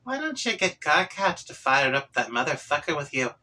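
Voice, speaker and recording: A dreamy, spaced-out troll boy played by a man drawls his words slowly and sleepily. His voice sits high and bright, with a dazed, far-off ease. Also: sing-song, exaggerated voice. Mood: drowsy. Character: spaced-out mellow male troll, dreamy and rambling.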